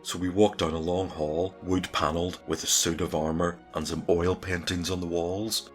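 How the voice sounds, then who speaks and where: A man narrates his solo tabletop game in a relaxed, chatty way. His voice is very low, and soft music plays faintly behind him. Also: normal speed. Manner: relaxed, conversational storytelling.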